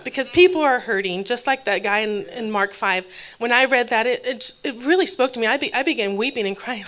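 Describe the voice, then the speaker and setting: A woman preaching a heartfelt, conversational sermon at a church service, dropping to quiet breathy asides. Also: on the high side, animated, moderate pace. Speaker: guest speaker at a church service.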